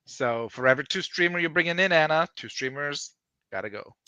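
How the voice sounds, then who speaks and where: Man from norway, teasing banter, very animated pitch, bright tone. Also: brisk, clear, resonant tone, no room sound, muffled recording. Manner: playful, teasing jokes. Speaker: co-host of a writing sprint stream. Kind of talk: casual livestream banter.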